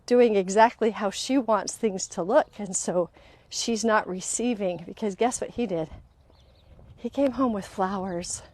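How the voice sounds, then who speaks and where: A woman's voice: medium pitch, dry recording. A woman host and coach speaking in a walk-and-talk monologue, telling stories and acting out the people she quotes. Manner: animated storytelling, acting out quoted voices.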